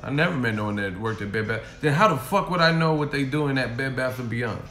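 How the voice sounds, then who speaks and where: A man's voice: mid-range voice, expressive, fairly quick, a bit bright. Profane, mocking male streamer. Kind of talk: casual rant. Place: hotel room. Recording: echoey room.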